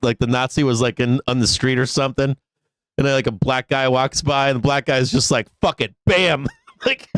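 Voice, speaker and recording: This medium-pitched man speaks a little fast in a level tone, with no echo, while running a live stock trading stream. His casual talk is full of swearing and laughter, and he rants.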